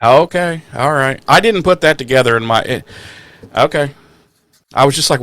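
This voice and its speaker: 爱开玩笑、说粗话的男播客主持人. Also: male voice, medium pitch, normal speed, long pauses, a bit bright, no room sound. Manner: jokey, profane, acts out lines in silly voices. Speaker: podcast co-host. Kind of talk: casual recap chat.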